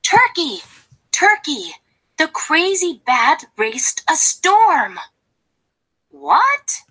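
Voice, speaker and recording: A woman voicing a bossy, gossiping turkey in a storybook with a high, urgent voice. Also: lively intonation, slow, sharp tone, heavily acted.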